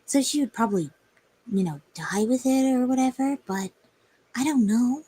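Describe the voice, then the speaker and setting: A woman's voice: on the high side, lively intonation, normal speed, dark tone, husky. A young woman telling a story on a livestream in a rambling, hesitant way with many fillers. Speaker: streamer.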